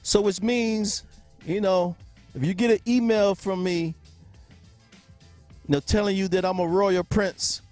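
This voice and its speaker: A high-voiced man hosts a sports podcast as a loose livestream chat, joking, laughing often and greeting viewers by name. His tone is steady, a little slow and somewhat dark, with frequent pauses. Faint music plays behind him.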